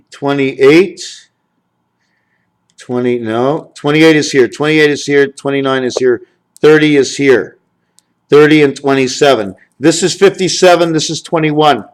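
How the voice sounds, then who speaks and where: A man talking to his camera in a rambling home video, counting numbers aloud, correcting himself and getting excited over what he finds. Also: a little high. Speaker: video maker.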